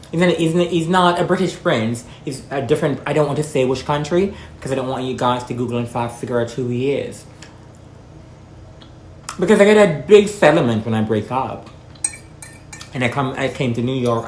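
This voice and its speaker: A woman's voice: very deep voice, roomy sound, a little hiss or hum. A woman from Jamaica with a Jamaican accent, talking frankly and rambling to her viewers in a casual vlog. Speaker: vlogger. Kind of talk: casual talk to camera.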